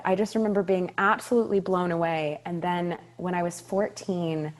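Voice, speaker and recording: This is a young woman in her twenties recounting her story in a casual podcast interview. Her voice sits slightly low, and she tells it with animated emphasis, stacking repeated phrases and laughing often along the way. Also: moderate pace, hardly any pauses. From California. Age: 20s. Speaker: Broadway actress, guest.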